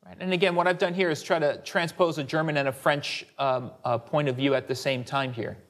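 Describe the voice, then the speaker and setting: A man giving a lecture as a historian, conversational and lively, often asking "Right?" and quoting sources in character. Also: fairly high pitch, a little fast. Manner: conversational, rhetorical asides like "Right?"; animated, quotes sources in character. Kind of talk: academic lecture.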